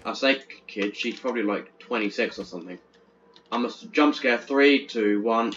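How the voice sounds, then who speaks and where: A young man commenting on a horror game as he plays, chatty and jumpy, stammering when he gets excited. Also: medium pitch, normal speed, soft background music. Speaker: gaming channel host. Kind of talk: let's play commentary. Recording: dull lo-fi with faint hiss.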